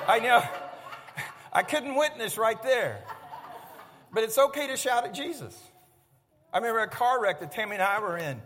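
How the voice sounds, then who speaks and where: High-voiced preacher in an echoing hall. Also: male voice. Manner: animated storytelling, acting out shouts. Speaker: pastor. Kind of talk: sermon. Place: church sanctuary.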